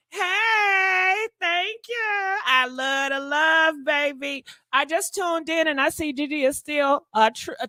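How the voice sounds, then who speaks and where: A woman's voice: high-pitched, pushed and bright, dry recording, clean studio sound. A woman hosting a casual livestream gossip show, ranting to her chat in a sassy, profane way and repeating herself for emphasis.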